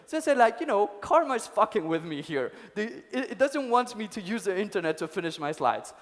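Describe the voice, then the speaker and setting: Young male conference speaker, casual storyteller, high pitch, reverberant hall. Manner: casual, swears, tells parables with acted quotes. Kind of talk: storytelling talk. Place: conference stage.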